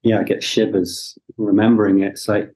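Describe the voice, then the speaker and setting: Measured man with a mellow low voice. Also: level tone, rough recording. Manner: measured, searching for words. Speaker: guest facilitator. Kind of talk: thoughtful conversational reflection.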